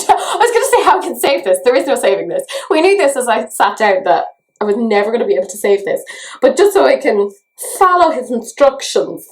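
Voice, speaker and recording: Irish woman vlogger, slightly high voice, self-mocking casual makeup chat. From Ireland. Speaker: beauty vlogger.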